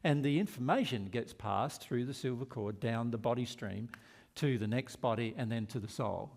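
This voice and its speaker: A man's voice: medium pitch, moderate pace, vocal fry, a little mellow. A man with an Australian accent giving a spiritual seminar, earnest and asking the audience rhetorical questions. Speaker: spiritual teacher.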